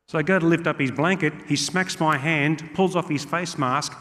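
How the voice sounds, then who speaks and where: A man's voice: on the high side, fast talker, few pauses, fairly bright tone. A man with an Australian accent doing brash, punchy stand-up comedy and working a live crowd in a large club hall. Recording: live hall with long reverb, faint crowd noise.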